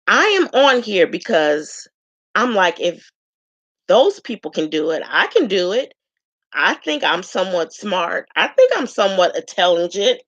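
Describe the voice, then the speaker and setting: A woman from Chicago giving a frank, chatty self-introduction to her viewers, pausing often with ums. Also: medium pitch, very animated, a bit bright, no echo, lo-fi sound. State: tearful at times. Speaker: vlogger introducing herself. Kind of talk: casual self-introduction to camera.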